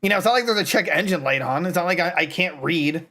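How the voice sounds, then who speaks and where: A man's voice: high voice, animated, fast, pushed and bright. A young man co-hosting a gaming podcast, rambling and joking with friends and laughing often. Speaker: podcast co-host. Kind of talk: casual gaming podcast chat.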